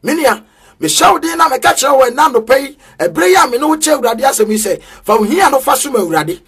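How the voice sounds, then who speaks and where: A man with a Ghanaian accent preaching a sermon in a sing-song cadence with sudden shouts. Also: very high voice, expressive, fast talker, slightly rough.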